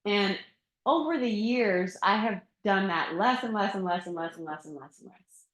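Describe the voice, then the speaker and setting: Relaxed woman teaching in an echoey room. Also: mid-range voice, normal speed. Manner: relaxed and reflective, laughs often. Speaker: yoga and Thai bodywork teacher. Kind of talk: casual teaching in a group discussion. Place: yoga studio room.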